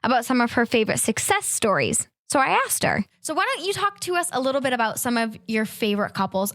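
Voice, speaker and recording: A woman's voice: on the high side, fairly bright tone. A young woman hosting a wedding-planning show, narrating and interviewing guests with effusive gratitude. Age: young adult. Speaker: host. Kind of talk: hosted podcast narration and interview.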